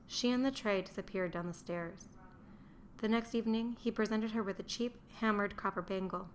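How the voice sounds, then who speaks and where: A woman reading a historical novel aloud, measured and dry. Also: mid-range voice, slight background noise. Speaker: narrator. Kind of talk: audiobook narration.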